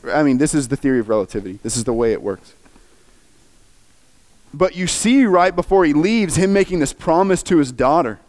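Pastor, male, slightly higher pitch, earnest and emotional storyteller. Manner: earnest, emotional, animated retelling. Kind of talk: sermon storytelling.

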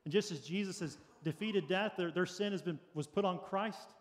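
A man's voice: sits high, moderate pace, in a large hall. A man preaching a sermon as pastor, earnest and practical, with light jokes for the congregation. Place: church sanctuary.

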